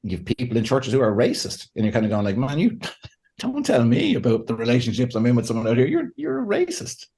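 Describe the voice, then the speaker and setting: A man, a pastor and counselor, talking as a podcast guest in a lively way, often laughing and acting out what people say. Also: medium pitch, fast talker. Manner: animated, laughs often, acts out quotes. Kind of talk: conversational podcast interview.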